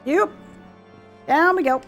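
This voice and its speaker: A woman's voice: high-pitched, takes it slowly, faint music behind. A woman streaming a video game, reading character dialogue aloud and adding playful, sarcastic, swearing commentary.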